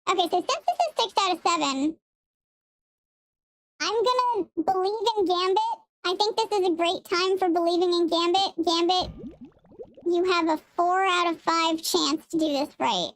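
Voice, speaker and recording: A young adult woman game streamer, talking through a voice changer filter, chatty and thinking out loud as she plays and answers her chat. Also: very high-pitched, normal speed, no echo. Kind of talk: casual live-stream chat while playing.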